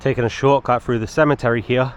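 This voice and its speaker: A man's voice: mid-range voice, steady tone, fast, a little hiss or hum. A man filming a walking travel vlog outdoors on city streets, chatty and enthusiastic, often exclaiming at what he sees. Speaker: travel vlogger.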